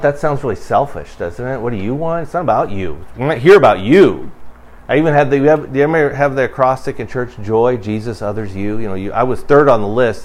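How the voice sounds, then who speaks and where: A man preaching a sermon as a pastor, speaking conversationally, building to emphatic bursts and then dropping low and quiet.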